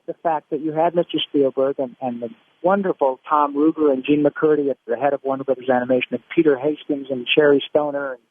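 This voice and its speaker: A man from Michigan, a guest voice actor, telling stories in an animated way with many restarts in a casual interview. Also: a little high, dry recording. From Michigan, USA. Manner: animated storyteller, frequent restarts. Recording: dry, phone-like line.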